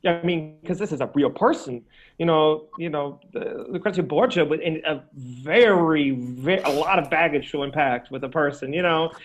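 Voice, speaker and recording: A man in a casual opera conversation, speaking in a reflective, halting way with restarts. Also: on the high side, slight background noise. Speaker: opera singer in a talk show. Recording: dull lo-fi sound.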